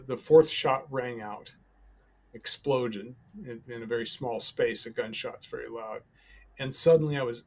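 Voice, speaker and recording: On a podcast, a male guest with a mid-range voice calmly tells a story from his own life, hesitating often and restarting his sentences.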